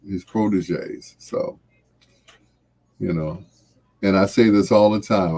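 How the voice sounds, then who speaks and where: Slow, mellow-voiced man hosting late-night radio. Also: low voice, husky. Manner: slow, reflective and heartfelt, trailing off softly. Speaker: radio host.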